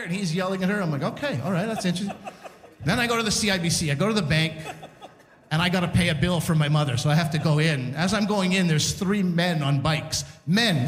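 A man doing stand-up storytelling on a community center stage, animated and acting out scenes. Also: sits high. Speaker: stand-up comedian. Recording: echoey hall reverb.

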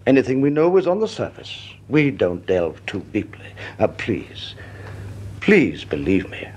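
A man's voice: medium pitch, wildly swooping pitch, measured pace, a little mellow, slight background noise. An actor playing a genial, bumbling older company chairman in a vintage radio drama, flustered and hesitant. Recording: dull lo-fi old radio recording.

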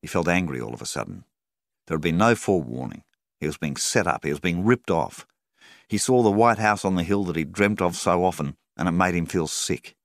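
A man narrating a story in a measured, steady reading style. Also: low voice, vocal fry, no echo, studio quality. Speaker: audiobook narrator. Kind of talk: scripted narration.

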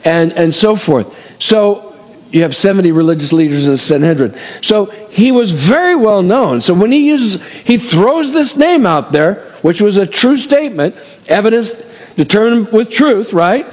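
A man's voice: sits high, expressive, normal speed, a little mellow, long reverb tail. A middle-aged man preaching a sermon as a pastor, folksy and conversational with lots of fillers and asides.

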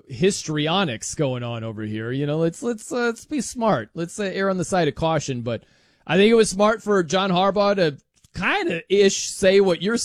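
Lively-pitched sports radio host. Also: male voice, no room sound, clean studio sound. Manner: animated, chatty, jokey asides. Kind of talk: casual radio talk.

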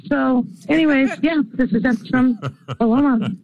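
A woman's voice: sits high, moderate pace, darkish tone, muffled recording. A woman from small-town Illinois, leaving a rambling, giggly voice message for a talk show. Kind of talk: chatty voicemail story.

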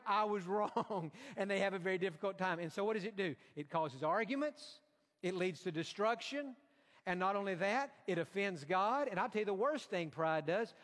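High-voiced earnest preacher man. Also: fairly bright tone, big-room sound. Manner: earnest, slow emphatic delivery with quoted asides. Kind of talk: sermon.

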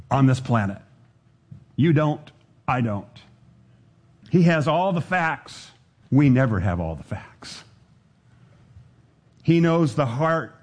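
Man giving a sermon, husky voice, lively pitch, unhurried earnest delivery. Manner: earnest, slows down to stress scripture. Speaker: pastor.

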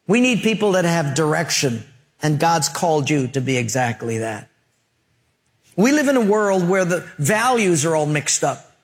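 Guy preaching, kinda high voice, jokey storyteller, acts out the bits. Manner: comic, animated storytelling with acted voices. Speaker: pastor. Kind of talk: sermon.

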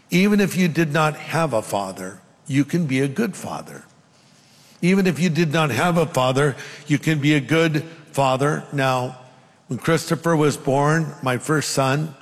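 Older male pastor, fairly high voice, earnest conversational sermon, long hall reverb. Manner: earnest, conversational preaching with asides.

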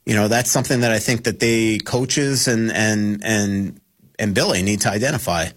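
A man's voice: lowish voice, moderate pace. Rambling man talking hockey on radio. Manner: rambling, full of fillers and restarts. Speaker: hockey reporter and radio guest. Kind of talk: casual radio sports talk.

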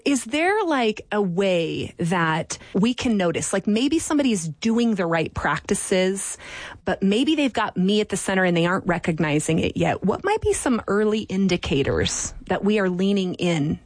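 A woman's voice: medium pitch, very animated, moderate pace, no echo. A woman interviewing a guest, asking questions in an encouraging, affirming way. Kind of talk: conversational interview.

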